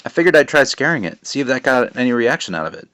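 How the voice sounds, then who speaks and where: A man voicing a clever, excitable boy hero in a storybook reading. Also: medium pitch, fast, pitched above the performer's own voice. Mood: explaining. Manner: excitable, urgent.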